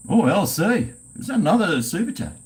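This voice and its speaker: A man's voice: high-pitched, very animated, a little fast, a little mellow. A man hosting a casual livestream chat, laid-back and swearing freely while drinking. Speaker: livestream host.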